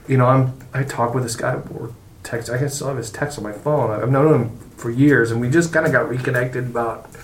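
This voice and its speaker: A man's voice: mid-range voice, fairly even intonation, slight background noise. Middle-aged man talking in a roomy space. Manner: halting and profane, with many restarts. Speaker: podcast guest. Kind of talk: casual conversation. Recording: roomy echo.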